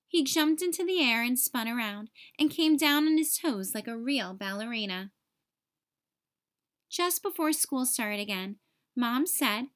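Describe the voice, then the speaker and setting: Woman teacher, children's read-aloud, high lively voice, unhurried. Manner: expressive, sing-song storytelling.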